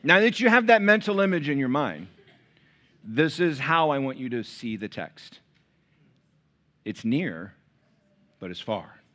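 Bright-voiced pastor preaching a sermon. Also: male voice, a little high, very animated, a little slow, pauses often. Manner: storytelling with quoted dialogue, asides to the congregation.

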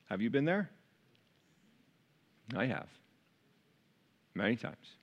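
A man preaching a sermon to his church, shifting from quiet, close asides to loud, raised passages. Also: medium pitch, very animated, slow pace, long pauses, breathy edge, dull audio. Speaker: pastor. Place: church sanctuary.

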